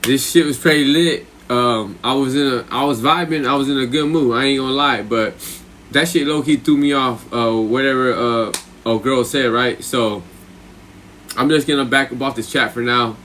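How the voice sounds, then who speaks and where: A man's voice: medium pitch, normal speed, fairly bright tone, slight background noise. A man streaming live, rambling and swearing as he tells a story in casual chat. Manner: profane, rambling, with frequent "right?" and "you know what I'm saying". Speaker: livestreamer.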